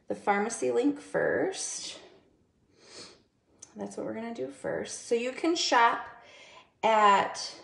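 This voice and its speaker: A woman's voice: medium pitch, creaky, a bit bright, echoey room. A woman hosting a casual makeup livestream, chatty and greeting viewers by name.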